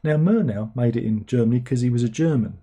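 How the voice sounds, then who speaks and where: A man talks loosely and sarcastically, rambling from one gripe to the next. His voice is very dark and a little husky, with a mid-range pitch. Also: quick pace. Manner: sarcastic, rambling, mocks with put-on plummy voices. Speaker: livestream host. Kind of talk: casual film rant.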